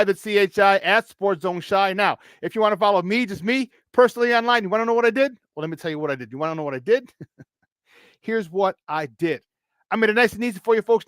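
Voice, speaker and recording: A high-pitched man hosts a morning sports talk show, full of hype and playful energy. His voice is dry and close, with no room sound around it. He talks loud and plays around with the audience. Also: no room sound.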